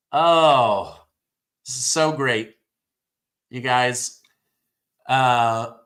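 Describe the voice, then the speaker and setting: Guy live-streaming, slow talker, bright edgy voice, keeps reacting all excited, throat worn from hours of talking. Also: medium pitch. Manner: excited, reads headlines aloud and reacts. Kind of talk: live election-night commentary.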